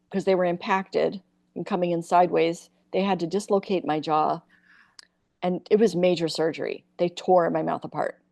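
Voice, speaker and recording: In a podcast interview, an Iowa-born comic actress tells frank stories with animation, voicing the characters she quotes. Her pitch is fairly low and the recording is dry.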